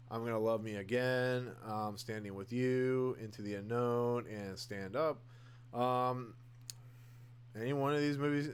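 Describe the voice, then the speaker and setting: A man's voice: mid-range voice, clean tone. A young man hosting a podcast, rambling casually through his opinions with many fillers and restarts, gushing over favorites and candid about dislikes. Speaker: podcast host. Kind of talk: casual solo commentary.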